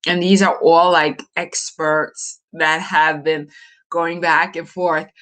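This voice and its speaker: A woman's voice: sits low, little pitch movement, slow, a bit bright. A woman in her forties from Norway, chatting casually and hesitantly with live viewers, laughing often. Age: 40s. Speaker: livestream host.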